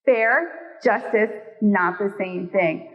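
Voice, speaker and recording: A middle-aged woman gives a sermon with a friendly, conversational manner and playful asides to the crowd. Her voice sits at a middle pitch and sounds far from the mic. The hall adds a long, ringing reverb, and the recording is dull. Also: slow pace. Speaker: Bible teacher.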